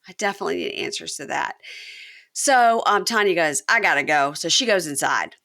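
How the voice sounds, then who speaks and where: Animated woman recapping a reality show. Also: fairly low pitch, brisk, creaky. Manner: animated, acts out quotes in exaggerated voices. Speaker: podcast host. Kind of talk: casual recap chat.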